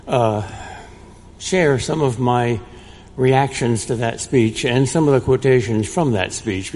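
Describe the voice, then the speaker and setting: An older man giving a prepared lecture in a measured way, with a dry, wry humor. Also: medium pitch, darkish tone. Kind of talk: prepared lecture read aloud. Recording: long reverb in a large room.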